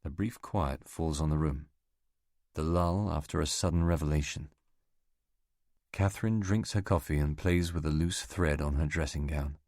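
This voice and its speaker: A man narrating a novel as an audiobook reader, in a measured, even delivery. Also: very deep voice, no echo, studio quality. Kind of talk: scripted narration.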